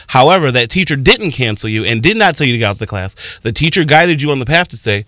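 A man's voice: mid-range voice, big pitch swings, fast, hardly any pauses, pushed and bright, dry recording, studio quality. A man co-hosting a radio show in casual chat, talking in an impassioned, rambling way full of restarts. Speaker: radio co-host.

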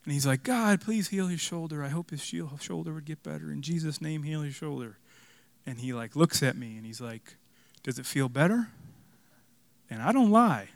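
Young guy preacher telling a funny story from his life, slightly high voice, dry close mic. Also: creaky, no echo. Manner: storytelling, animated, self-mocking humor. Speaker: pastor. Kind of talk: sermon.

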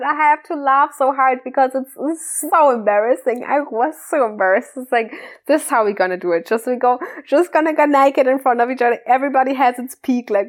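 A woman hosting her podcast and telling a personal story in a candid, chatty way. She laughs often and fills her speech with "like.". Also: high-pitched. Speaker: podcast host.

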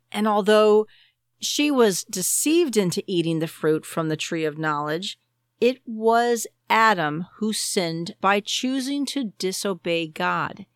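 Woman host reading a bible lesson, slow and careful, asks questions out loud, dry sound. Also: mid-range voice, dry recording. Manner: measured, deliberate delivery with rhetorical questions. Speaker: podcast host. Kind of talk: scripted Bible teaching monologue.

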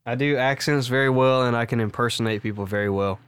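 A man's voice: mid-range voice, fast talker, a bit bright, clear, resonant tone. A man co-hosting a podcast in casual chat, making short joking quips. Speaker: podcast co-host.

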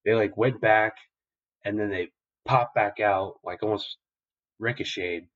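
Young male podcast host, casual profane recapper with a low voice and muffled audio. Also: measured pace. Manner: rambling, profane, animated retelling.

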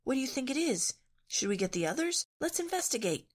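A woman's voice: high voice, very animated, brisk, pitched above the performer's own voice. A woman voicing a cheerful, easygoing young man who speaks in a matter-of-fact way. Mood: groggy.

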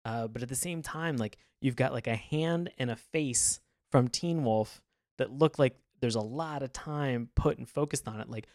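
A man co-hosting a podcast in casual chat, rambling and animated, laughing often. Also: mid-range voice, moderate pace, no room sound, clean studio sound. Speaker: podcast co-host.

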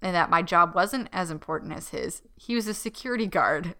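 A woman's voice: fairly low pitch, animated, fairly quick, bright, forceful tone. A woman co-hosting a podcast in casual chat, laid-back and giggly, full of filler words as she reads out a listener's story. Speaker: podcast co-host.

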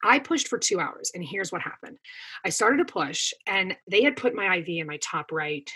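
A woman in her thirties chats as a podcast guest, telling a long story in an easy, rambling way full of fillers. Her voice is husky and a touch breathy. It sits a little low for a woman. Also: expressive, normal speed, bright, forceful tone. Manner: chatty storytelling with many fillers. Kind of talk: casual chat.

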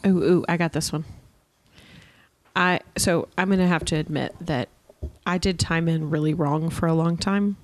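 A woman's voice: low voice, normal speed, no echo. A woman in her forties co-hosting a casual parenting talk, candid and self-deprecating. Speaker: podcast co-host.

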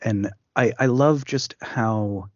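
A man's voice: fairly low pitch, takes it slowly, darkish tone, no room sound, lo-fi sound. A man co-hosting a podcast, chatting casually about films, with many fillers and restarts. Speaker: podcast co-host. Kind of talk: casual film discussion.

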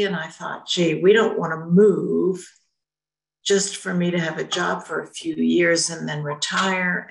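Gravelly-voiced woman in her seventies. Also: lowish voice, a bit bright, roomy sound, poor audio. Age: 70s. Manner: chatty, self-interrupting storyteller. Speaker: retired rabbi. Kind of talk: casual group conversation. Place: video call.

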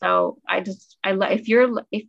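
A woman's voice: medium pitch, steady tone, moderate pace, gravelly, highs cut off. A woman from Canada co-hosting a book podcast, chatting enthusiastically and rambling with fillers and asides. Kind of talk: casual book review chat.

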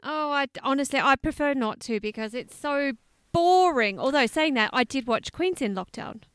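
A woman laughs her way through podcast chat, animated and a bit crude. Her voice is high and bright, and her pitch leaps around. It is recorded close and dry. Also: moderate pace, no echo. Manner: giggly, animated, swearing. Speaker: podcast co-host. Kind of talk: casual chat.

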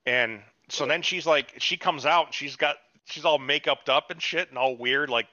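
A man's voice: moderate pace, bright, forceful tone, no room sound, muffled recording. A man co-hosting a casual podcast, retelling a TV episode in a rambling, profane way and putting on voices for the characters. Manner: rambling, profane, acts out quotes with a jumping pitch. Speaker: podcast co-host.

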